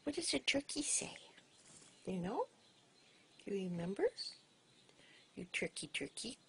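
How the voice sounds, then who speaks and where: A woman talking affectionately to her pet bird at home, coaxing and sing-song, sometimes dropping to a soft whisper. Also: mid-range voice, big pitch swings, unhurried, gravelly, slight background noise. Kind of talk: affectionate baby talk to a pet.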